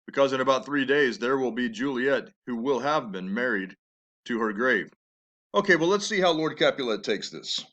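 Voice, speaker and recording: A man's voice: medium pitch, a bit bright, highs cut off. A man teaching a play, reading it aloud and commenting in an emphatic, conversational way with rhetorical questions.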